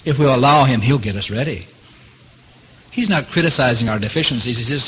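A man preaching a sermon. He keeps asking his listeners questions and his voice leaps up in pitch to stress a point. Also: a little fast, husky. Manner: animated, asks the audience questions, jumps high in pitch for emphasis. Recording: long hall reverb.

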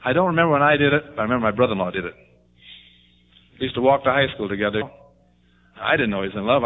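A man preaching a sermon with animated storytelling, jumping up in pitch to act out quotes. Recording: tinny phone-like band.

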